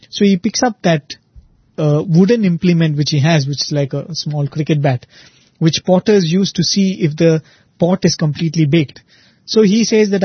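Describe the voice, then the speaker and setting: A man retelling a devotional saint story in a relaxed, conversational way, often pausing with "you know" and "uh". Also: on the high side, slightly rough, no room sound, highs cut off. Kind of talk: spiritual storytelling talk.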